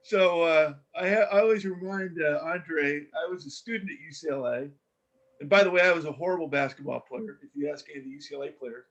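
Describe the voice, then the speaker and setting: An older man speaks as a guest in a relaxed interview, fairly high for a man. He tells his stories with animation and keeps restarting his sentences as he goes. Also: fairly quick, muffled recording. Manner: animated storyteller with many restarts. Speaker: guest, former coach. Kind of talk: casual storytelling interview.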